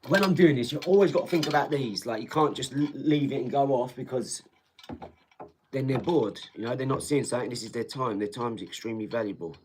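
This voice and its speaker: A man's voice: medium pitch, a little fast, darkish tone, slight background noise. Talk as a blunt, rambling man in his forties hosting a casual live stream from home, swearing freely and speaking straight to the viewers. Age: 40s. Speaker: livestream host. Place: home front room.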